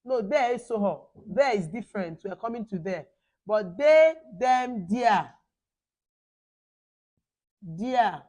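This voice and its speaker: A woman's voice: mid-range voice, animated, moderate pace, mellow. A woman with an Igbo accent teaching a language lesson to children. She switches between English and Igbo and repeats short phrases for the pupils to echo back.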